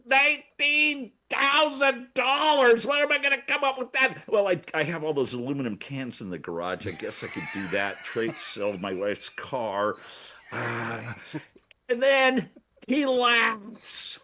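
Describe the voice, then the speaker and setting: A man's voice: high voice, expressive, unhurried, sharp tone. A man on a comedy radio show, rambling frantically with constant stammers and restarts. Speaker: recurring comedy segment guest. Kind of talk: excitable comedic radio chat. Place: radio studio.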